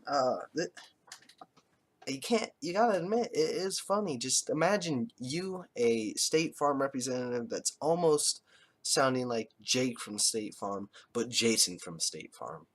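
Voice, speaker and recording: A man's voice: medium pitch, animated, measured pace. A man telling a rambling, joking story to camera, crude and full of swearing. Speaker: vlogger.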